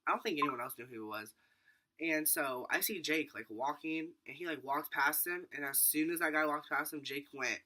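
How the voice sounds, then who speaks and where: A man's voice: a little high, moderate pace. A teenage boy telling a rambling storytime vlog, full of fillers and acted-out quotes. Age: teens. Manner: rambling, filler-heavy, animated retelling. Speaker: vlogger.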